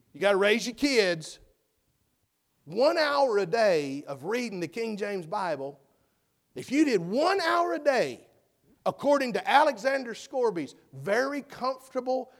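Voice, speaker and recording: A man preaching a sermon in a church, folksy and shifting between shouted passages and quiet asides. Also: high voice. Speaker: evangelist preacher.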